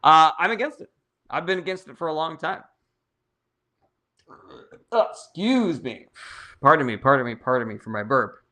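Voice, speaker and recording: A young man with a bright, forward voice is hosting a casual livestream. He reads viewers' questions aloud and answers them bluntly and with strong opinions, dropping profanity freely and never softening his views. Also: fairly high pitch, moderate pace, long pauses.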